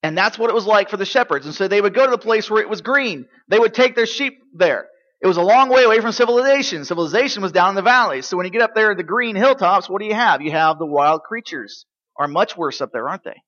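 A man preaching a sermon in church, asking the congregation rhetorical questions and swinging between quiet, low stretches and loud, emphatic ones. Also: animated, quick pace, muffled recording. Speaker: pastor.

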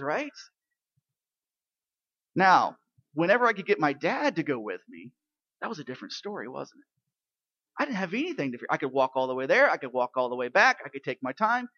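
A man preaching a sermon, telling stories and asking rhetorical questions, swinging between quiet and loud emphasis. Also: sits high, no room sound, dull audio. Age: adult parent. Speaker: pastor.

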